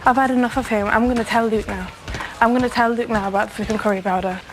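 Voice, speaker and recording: Indignant British woman, voice a little high. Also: fairly even intonation, fast, background noise. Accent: British English. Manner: indignant, repeats herself. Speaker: reality show contestant. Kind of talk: heated casual talk.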